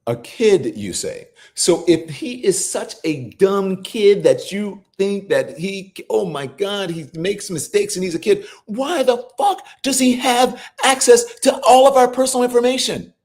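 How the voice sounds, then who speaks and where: A man's voice: high-pitched, measured pace, hardly any pauses, darkish tone. A middle-aged man hosting a live political commentary show, scolding and incredulous, swearing freely as he argues. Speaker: host.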